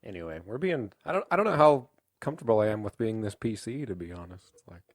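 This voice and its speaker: A man's voice: lowish voice, animated, fast talker, dry recording, clean studio sound. A young man co-hosting a casual podcast, laid-back and joking with crude humor. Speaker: podcast co-host.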